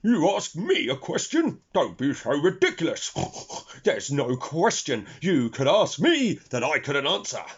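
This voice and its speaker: A man's voice: a little high, wildly swooping pitch, measured pace, slightly rough, exaggerated voice. Man doing a rude, scornful pig. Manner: scornful, haughty. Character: rude boastful clever pig. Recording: dull lo-fi recording.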